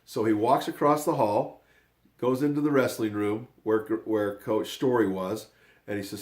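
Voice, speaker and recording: A man's voice: fairly low pitch, steady tone, normal speed. An older man, a grandfather, telling a family story in a rambling, casual way, often circling back with "anyway".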